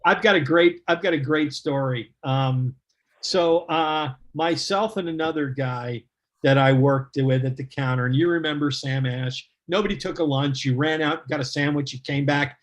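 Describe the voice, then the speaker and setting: Animated higher-voiced man telling stories. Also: normal speed. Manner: animated, laughing storyteller who acts out quotes. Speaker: guest storyteller. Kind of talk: casual anecdote telling.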